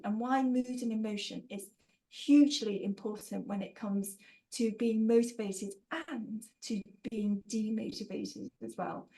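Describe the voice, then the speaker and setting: A woman's voice: medium pitch, warm tone, rough recording. A woman leading an online training webinar, upbeat and jokey, reading out participants' answers and praising them. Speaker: workshop trainer.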